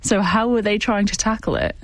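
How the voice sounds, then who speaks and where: A woman's voice: medium pitch, a little fast, dry recording. Inquisitive woman co-presenter, conversational, dry studio mic. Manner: curious, asks questions. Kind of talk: conversational radio documentary.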